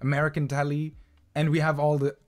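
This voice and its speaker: A man's voice: on the high side, completely flat delivery, fairly quick. A young man from Bali with a blended Irish and Australian-tinged accent, chatting casually as a musician guest and rambling with frequent laughs. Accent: mixed Balinese-Irish with Australian touches. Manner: chatty, rambling, laughs often, slips into impressions. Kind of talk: casual chat.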